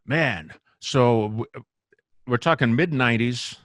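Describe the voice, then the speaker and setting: A man being interviewed as a guest musician, telling stories in a lively, casual way, laughing often and acting out what people said. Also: medium pitch, slow pace, no echo, studio quality. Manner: animated, laughs often, acts out quotes. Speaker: guest bassist.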